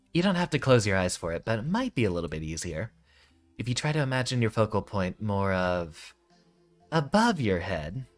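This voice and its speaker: A man streaming, explaining voice technique in casual talk, with a deep voice from the back of his throat and a melodic cadence that drops at sentence ends.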